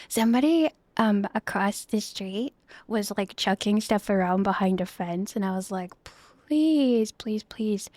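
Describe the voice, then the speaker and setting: A young woman with a mid-range voice chats with live viewers into a nearby desk microphone, with no echo at all. Giggly and bubbly, she keeps tossing in chatty asides.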